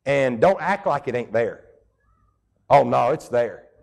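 A man's voice: medium pitch, lively intonation, measured pace, vocal fry, darkish tone. A middle-aged man preaching a sermon as pastor, folksy and emphatic, with rural turns of phrase.

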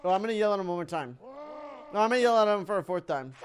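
A young man giving excitable let's-play commentary, thinking aloud and laughing as he plays. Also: sits high, rapid-fire, slight background noise. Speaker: gaming YouTuber.

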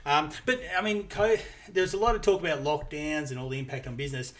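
A man's voice: fairly high pitch, fairly even intonation, fast talker, a bit bright. A middle-aged man hosting a casual podcast chat, laughing often and restarting his sentences. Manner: chatty, laughing often, many restarts and fillers. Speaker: podcast host.

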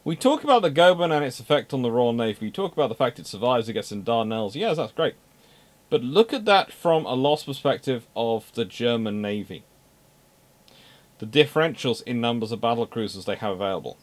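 A man's voice: mid-range voice, animated, fairly quick. A man giving an unscripted naval history talk, emphatic, repeating words for stress and adding dry asides.

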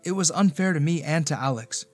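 A man narrating a first-person romance story in a steady, even reading voice. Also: a little high, fairly quick, faint music behind.

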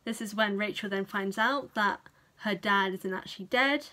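A woman's voice: mid-range voice, moderate pace. Chatty British woman reviewing a film. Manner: chatty and animated, swears freely, playfully acts out characters' reactions. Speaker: vlogger.

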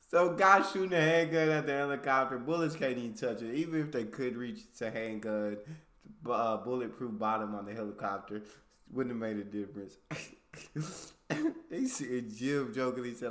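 A man from the United States who hosts reaction videos, commenting casually with animated, emphatic interjections. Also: medium pitch, normal speed, reverberant.

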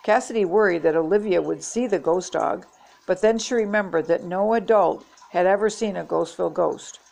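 An older woman reading a children's chapter book aloud in a gentle, measured way. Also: fairly low pitch, gravelly. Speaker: storybook reader.

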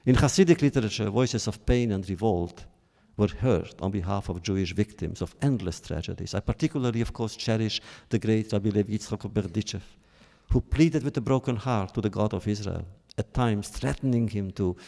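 A man giving a formal public lecture, solemn and measured, lifting his voice sharply on key words. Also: on the low side, creaky, dark tone.

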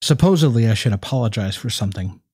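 Joking man with a lively voice. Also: mid-range voice, quick pace, breathy edge, dry recording, clean studio sound. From North Carolina, USA. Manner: joking, teasing. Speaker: co-host of a live craft stream. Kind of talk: casual chat.

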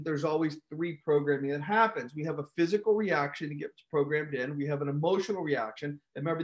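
A man hosting a casual live stream, telling a story with animated outbursts and acted-out shouts. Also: a little high. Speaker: host.

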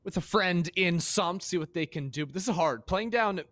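Male esports caster from North America, quick and analytical, slightly high voice, light noise on the line. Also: a bit bright. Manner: quick, analytical, laughs easily. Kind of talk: play-by-play commentary.

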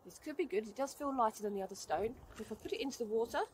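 A woman presenting an outdoor lesson for children, explaining in a lively, upbeat way. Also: on the high side, racing, a little hiss or hum.

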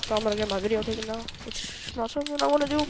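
Excitable young man gaming and chatting. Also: extremely high pitch, rapid-fire, background noise. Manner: excitable, bursts of loud exclamations. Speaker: gaming streamer. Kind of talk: casual gameplay chat.

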